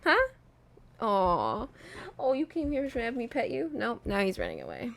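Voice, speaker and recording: A woman's voice: fairly high pitch, wildly swooping pitch, moderate pace, vocal fry. A woman streaming a game, chatting casually and playfully teasing her cat in baby talk.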